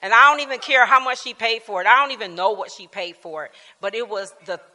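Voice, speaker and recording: A woman's voice: on the high side, quick pace. A woman in her fifties speaking personally to a church Bible class, emotional and laughing as she addresses the group directly. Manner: warm, laughing, emotional, talks straight to the group. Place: church hall. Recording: long hall reverb.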